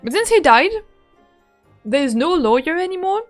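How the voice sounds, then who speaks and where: A woman's voice: high voice, big pitch swings, normal speed, soft background music. A woman streaming a game, chatting casually with a giggly, rambling manner and lots of fillers. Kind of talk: casual gameplay commentary.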